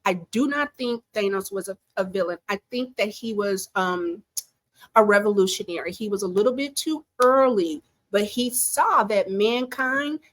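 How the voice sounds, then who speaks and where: A woman talks through pop culture in a casual home commentary. Her voice sits at an everyday middle pitch, and her delivery is animated, chatty and full of strong opinions. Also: moderate pace, dry recording.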